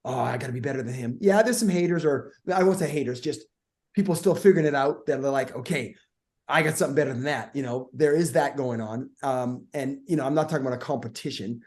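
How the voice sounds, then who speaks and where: Animated, lively man telling stories. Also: on the high side. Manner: energetic, acts out voices in his stories. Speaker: guest speaker. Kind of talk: animated storytelling in a podcast conversation.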